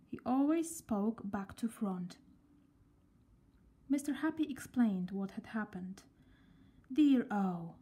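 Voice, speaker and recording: Storyteller: gentle woman, slow read-aloud, mellow and breathy, hushed. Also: fairly high pitch, expressive. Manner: gentle, often near a whisper.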